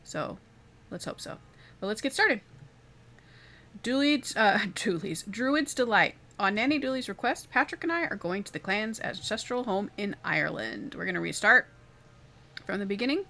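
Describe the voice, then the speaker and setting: A woman's voice: medium pitch, lively intonation, moderate pace, sharp tone. A young woman casually commenting on a game she is playing, laughing often and reading its text aloud. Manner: giggly, apologetic, reads game text aloud. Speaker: gaming streamer. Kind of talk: casual let's-play commentary.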